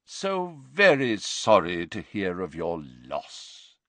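A man voicing a pompous older male professor with a grave, theatrical, drawn-out delivery. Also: low voice, wildly swooping pitch, pushed and bright, no room sound, heavily acted.

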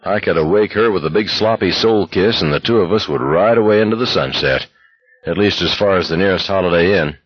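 A man voices a sardonic young man full of crude jokes and mock speeches. The voice rises a little above the reader's low, husky tone, on a slightly muffled recording. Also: brisk, dry recording. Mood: joking. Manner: wisecracking, mocking.

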